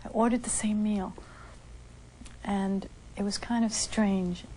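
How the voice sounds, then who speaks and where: A woman recounting personal memories in an interview, acting out what others said to her with lively shifts in voice. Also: medium pitch, slow, a little hiss or hum. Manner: acts out quoted dialogue with lively shifts. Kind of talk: candid storytelling interview.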